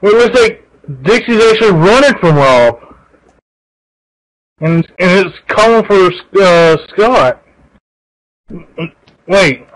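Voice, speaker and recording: A man's voice: sits high, expressive, no room sound, low-quality recording. A man co-commentating on wrestling in a bantering way, grumbling and cracking jokes. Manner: slow, wisecracking, grumbling.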